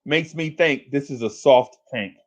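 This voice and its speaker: A man hosting a sports talk livestream, ranting in exasperation, repeating himself and climbing into shouts. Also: medium pitch, measured pace. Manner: exasperated, repetitive, rising to shouts. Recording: lo-fi stream audio.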